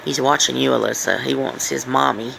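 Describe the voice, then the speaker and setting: A woman's voice: a bass voice, steady tone, brisk, vocal fry, a bit bright, a little hiss or hum, rough recording. A woman filming at home, chatting and coaxing her pets in a singsong voice. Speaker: pet owner filming at home. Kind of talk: casual home video, talking to pets. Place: home, indoors.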